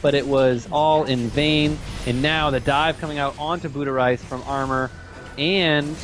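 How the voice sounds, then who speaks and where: A man's voice: medium pitch, a little hiss or hum. Man calling esports play-by-play. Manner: rapid, steady play-by-play calling. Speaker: esports commentator.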